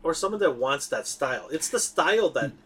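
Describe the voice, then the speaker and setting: Husky man in emphatic casual chat. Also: on the high side, lively intonation, fairly quick. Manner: emphatic, restarts and repeats words. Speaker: podcast co-host.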